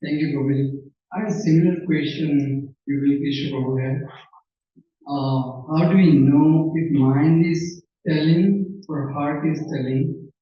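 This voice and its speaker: A man in the audience asking the speaker a question in a polite, halting way. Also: on the high side, fairly even intonation. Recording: distant, echoey, dull with faint noise.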